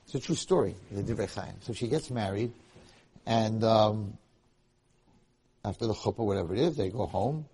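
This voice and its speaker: A man giving a Torah lecture, telling a story in an animated way that restarts and repeats phrases often. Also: lowish voice, moderate pace, pauses often, breathy edge.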